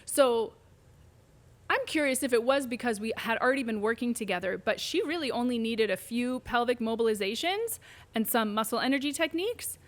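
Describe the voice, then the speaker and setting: Brief: female therapist guest, fairly high voice, lively storyteller who voices her patients. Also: brisk. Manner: animated, acts out quoted voices. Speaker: pelvic physical therapist, guest. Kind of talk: conversational storytelling interview.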